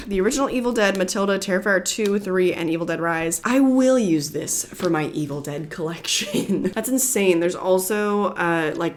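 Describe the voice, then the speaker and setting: A bubbly young woman chatting casually on a home vlog, her voice pitched in the middle for a woman. She gushes and exclaims over each item, quick to laugh. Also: slight background noise. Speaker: vlogger unboxing subscriber mail. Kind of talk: casual chat.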